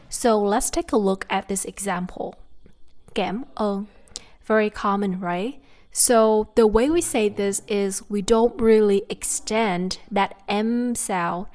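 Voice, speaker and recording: A young woman with a Vietnamese accent, a native Vietnamese speaker, calmly explaining pronunciation as a language teacher. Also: medium pitch. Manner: calm, careful explanation with spoken examples.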